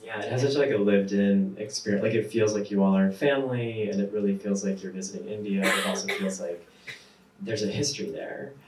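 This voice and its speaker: A man's voice: fairly low pitch, fairly even intonation, fairly quick, darkish tone. A man moderating a panel Q&A after a screening, asking friendly questions. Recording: roomy hall, far from mic.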